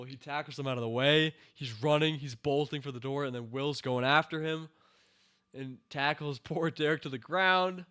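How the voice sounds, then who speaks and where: A man hosting a casual stream, reviewing a TV season scene by scene, rambling with fillers and breaking into excited cheers and laughter. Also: a little high, normal speed, smooth. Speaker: show host reviewing a TV season.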